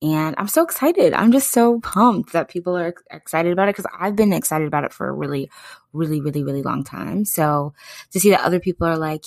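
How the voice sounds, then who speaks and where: A woman's voice: fairly low pitch, animated, a little fast, creaky, no room sound. A young adult woman hosting a podcast, chatting casually and effusively. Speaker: podcast host.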